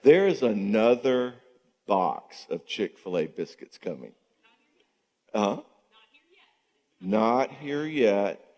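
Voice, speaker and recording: A low-voiced man gives a casual, conversational talk to a church audience and keeps checking in with quick "okay?"s. His voice carries a long, ringing reverb from the big hall. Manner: acts out quoted people in lively voices. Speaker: marriage conference speaker and counselor. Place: church sanctuary before an audience.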